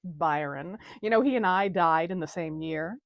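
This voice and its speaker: A woman's voice: on the low side, normal speed, no room sound, dull audio, lightly acted. A woman voicing a bawdy, teasing female ghost over a century old, in a comedic audio drama. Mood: mocking. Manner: crude, teasing, mocking.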